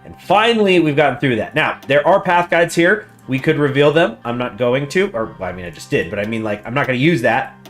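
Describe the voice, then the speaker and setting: A man's voice: medium pitch, lively intonation, brisk, hardly any pauses. A man hosting a strategy game let's play, reading game text aloud in a chatty way and stumbling over foreign names. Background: faint guitar music.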